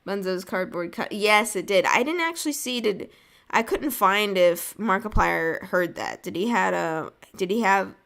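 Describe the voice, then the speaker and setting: A woman's voice: medium pitch, animated, normal speed, vocal fry, a bit bright. A young woman from the United States chatting casually while drawing on a stream, rambling and laughing often. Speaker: artist streaming a drawing session.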